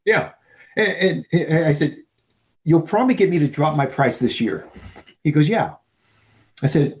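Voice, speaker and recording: A man with a fairly high-pitched voice speaks at normal speed with long pauses as a podcast guest. During the interview he tells sales stories with animation, acting out both sides of the conversations.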